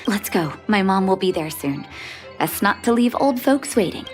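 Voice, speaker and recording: A woman voices a caring young woman doctor in a video game. She speaks calmly and earnestly at a middle pitch. Soft game music plays beneath her. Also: close to an everyday voice. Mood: earnest, warm. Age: young adult. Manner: calm, measured. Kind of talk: voice acting in a game cutscene.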